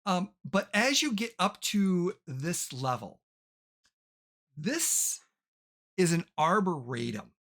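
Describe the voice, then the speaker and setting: A man's voice: sits high, sing-song, takes it slowly, long pauses, fairly bright tone. A man running a tabletop game as game master, describing rooms and asking players for checks. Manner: describes scenes, asks for rolls.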